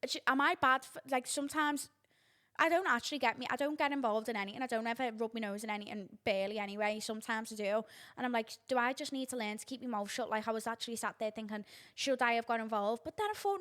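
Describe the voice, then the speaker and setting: A young woman, hosting a podcast and telling a story in casual chat, animated and sweary, acting out the voices she quotes. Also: fairly high pitch, quick pace. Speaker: podcast host.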